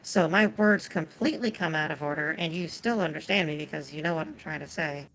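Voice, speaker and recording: A woman's voice: sits low, fairly quick, gravelly, fairly bright tone, a little hiss or hum, rough recording. A woman whose first language is Japanese, giving chatty, swearing commentary on a game and talking to her chat. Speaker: streamer.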